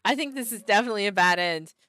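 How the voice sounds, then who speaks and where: A woman's voice: medium pitch, expressive, very fast, pushed and bright, dry recording. A woman streamer giving live gameplay commentary, exclaiming and repeating her reactions.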